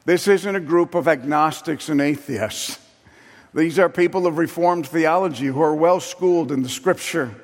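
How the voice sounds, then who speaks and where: Impassioned preacher in a reverberant hall. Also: male voice, a little high, normal speed. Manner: impassioned, rising to loud emphatic peaks. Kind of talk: sermon.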